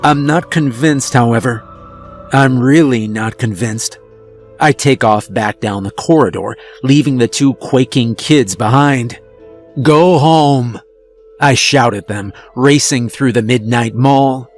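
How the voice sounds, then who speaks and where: A man narrating a first-person horror story in a slow, tense storytelling manner. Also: mid-range voice. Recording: dry studio voice-over with soft music.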